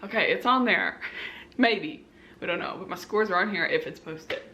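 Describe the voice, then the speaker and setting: A woman's voice: on the low side, expressive, normal speed, pushed and bright. A woman in her twenties vlogging casually, chatty and rambling, with light self-mocking laughs. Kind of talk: casual vlog chat to camera. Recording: echoey room with faint background hum.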